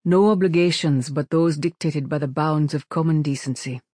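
A kindly, soft-spoken crewman with a calm and gentle manner, as a man reads him. The voice is dry and close to the mic. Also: a little high, moderate pace, no room sound, lightly acted. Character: kind, soft-spoken male ship doctor.

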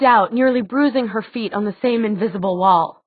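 A woman's voice: medium pitch, moderate pace, hardly any pauses, no room sound. Woman narrating a story, tinny sound. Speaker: audiobook narrator. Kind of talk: scripted narration. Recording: tinny phone-like dry sound.

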